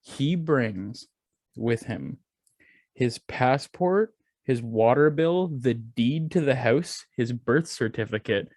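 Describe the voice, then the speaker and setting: A young man spins a story on a podcast, animated and loose with his swearing, slipping in quick voices for the people in it. His voice sits in an ordinary middle range. The sound is dry and close, with no room around it. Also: mid-range voice, dry recording. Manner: animated, profane, acts out quoted voices. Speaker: podcast co-host. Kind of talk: casual storytelling chat.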